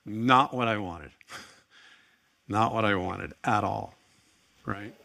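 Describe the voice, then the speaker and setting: A man's voice: lowish voice, very slow, creaky, sharp tone, no echo. A middle-aged man preaching a sermon, telling a personal story with earnest, wry asides. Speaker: pastor.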